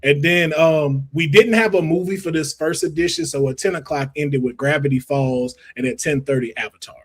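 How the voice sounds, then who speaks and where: A man hosting a casual panel discussion, walking through guests' picks in a lively way. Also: a little high, normal speed. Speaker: podcast host.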